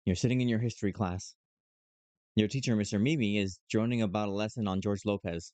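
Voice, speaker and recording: Playful male streamer, dark dry voice. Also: lowish voice, a little fast, no echo. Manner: playful, animated reactions while reading. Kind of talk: reading a dating sim aloud on stream.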